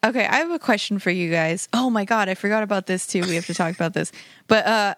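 A woman's voice: medium pitch, quick pace, a bit bright, dry recording. A woman in casual podcast chat who leads the talk with questions. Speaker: podcast co-host.

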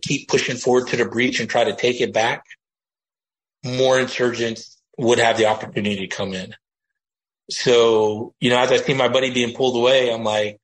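A man's voice: mid-range voice, fairly bright tone, rough recording. A middle-aged retired army master sergeant from the United States, telling his story in a blunt, casual way full of slang and fillers. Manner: blunt, slangy, full of "you know" and "bro".

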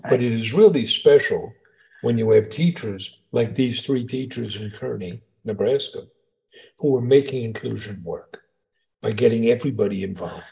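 A middle-aged man from New York co-hosting a casual show, telling jokes and reading news stories in an animated way. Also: mid-range voice, moderate pace, vocal fry. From New York, USA. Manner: animated storyteller, reads stories aloud. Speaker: podcast co-host, father. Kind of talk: casual chat.

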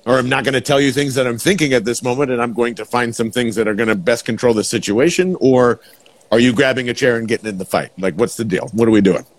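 A man hosts a podcast with a casual, playful manner and an ordinary pitch. His voice is close and dry, with no room sound. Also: no room sound. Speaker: podcast host.

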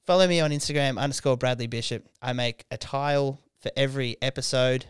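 A tipsy young Australian man with a smooth, clear voice, swearing freely and laughing his way through rambling stories. The sound is dry and close, with no room around it. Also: medium pitch, fairly even intonation, fairly quick, no room sound. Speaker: podcast host. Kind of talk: casual drunk chat.

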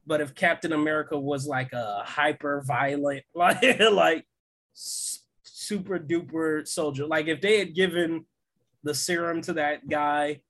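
A man with a somewhat high, husky voice co-hosts a podcast. He rambles in an excitable, casual way, packed with fillers and restarts. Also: a little slow. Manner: excited, laughs often, many fillers and restarts. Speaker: podcast co-host. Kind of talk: casual chat.

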